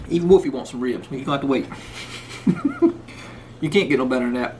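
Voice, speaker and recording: This cooking channel host chats folksily through a casual vlog, occasionally while chewing, starting outdoors in the rain before heading inside. His mid-range pitch swoops wildly, and he talks briskly but pauses often, sounding a little mellow over slight background noise.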